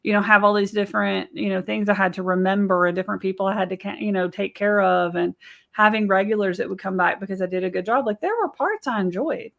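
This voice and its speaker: A middle-aged American woman talks on a podcast with a gravelly, creaky edge to her voice. She tells stories casually and often tosses in a "right?" as she goes. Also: mid-range voice, fast, highs cut off. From United States. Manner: chatty, storytelling, says "right?" and "y'all". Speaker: podcast co-host, business coach.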